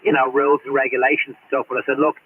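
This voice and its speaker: A middle-aged Australian man rambles bluntly with steady swearing. His voice is level and slightly husky. It comes through a thin, tinny CB radio link. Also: mid-range voice, rapid-fire. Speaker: CB radio operator. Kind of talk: casual radio chat.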